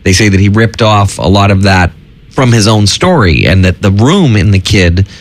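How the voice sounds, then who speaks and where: A man's voice: fairly low pitch, lively intonation, normal speed. A man hosting a casual comedy podcast, rambling and swearing as he tells loose, jokey stories. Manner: rambling, profane, jokey storyteller.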